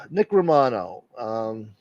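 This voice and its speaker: A man's voice: on the low side, very animated, very slow, no room sound, highs cut off. Profane joking man hosting a livestream. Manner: profane, joking, reading out viewer names. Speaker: livestream host. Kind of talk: casual live-stream chat.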